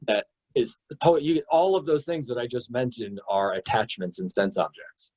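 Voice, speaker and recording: Man, spiritual teacher, casual discussion, blunt, emphatic, swears, middle pitch, dull lo-fi stream. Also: normal speed, darkish tone. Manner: emphatic, profane, acts out examples. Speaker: meditation teacher. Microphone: internet stream. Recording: dull lo-fi audio.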